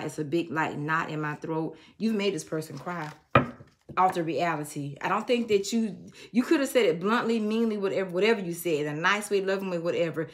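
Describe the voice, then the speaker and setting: A woman's voice: fairly low pitch, normal speed, a little hiss or hum. A woman giving an emotional tarot reading to her viewers. She speaks in a preachy way and breaks into snatches of songs. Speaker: tarot reader.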